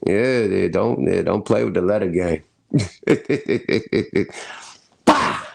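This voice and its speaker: Middle-aged male host, slow gravelly delivery, loose laughing slang riffs. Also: deep voice, darkish tone. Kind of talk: casual commentary.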